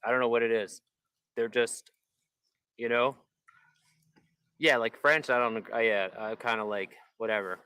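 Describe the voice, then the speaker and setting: A man's voice: mid-range voice, fairly even intonation, moderate pace, long pauses, bright, forceful tone, clean tone, no echo. A man live-streaming in rambling casual chat, full of "like" fillers and restarts. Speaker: livestreamer.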